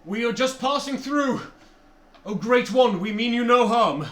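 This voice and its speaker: A man voicing a humble, frightened male traveler pleading with a giant in a high, raised voice. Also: expressive, very fast. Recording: echoey room with noise.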